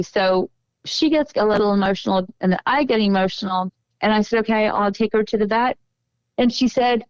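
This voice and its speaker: A woman's voice: mid-range voice, a little fast, clean tone, no room sound, low-quality recording. A woman as a podcast guest, telling a personal story in an earnest, emotional way during a casual interview.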